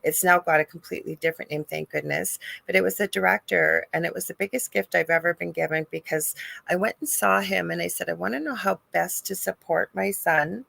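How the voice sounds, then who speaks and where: Gravelly-voiced woman telling stories. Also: fairly low pitch, a little fast, no room sound. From Canada. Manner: chatty, storytelling, animated. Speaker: psychic medium guest. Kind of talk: casual podcast chat.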